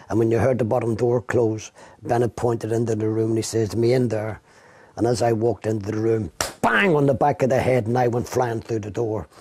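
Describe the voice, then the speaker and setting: In documentary testimony, a man recounts his arrest in a mid-range, slightly mellow voice with a breathy edge. He tells the story vividly, acting out what others said to him, and the recording is dry.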